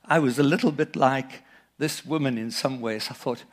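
Earnest preaching man, slightly high voice. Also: animated, a little slow, fairly bright tone, slightly rough. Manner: earnest preaching, reads scripture aloud and tells personal stories. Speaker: pastor. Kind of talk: sermon.

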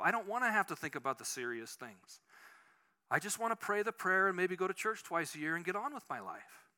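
A pastor preaches a conversational sermon, animated and full of personal stories, and he often restarts his sentences. His voice is high-pitched and fairly quick.

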